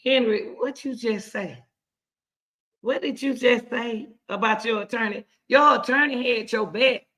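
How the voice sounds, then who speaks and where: A woman hosting casual reaction commentary, excitable and chatty, repeating herself often. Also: fairly high pitch, measured pace. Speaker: commentary host.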